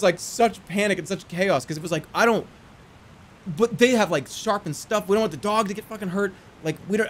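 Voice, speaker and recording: Animated high-voiced male streamer. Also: a little hiss or hum. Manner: animated storytelling, swings from mumbles to yelps. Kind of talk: casual gameplay commentary.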